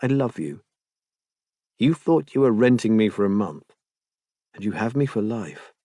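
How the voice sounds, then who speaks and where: A man voicing a tearful, witty young gentleman. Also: fairly low pitch, animated, a little slow, no echo, studio quality. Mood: tender. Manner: tearful, teasing.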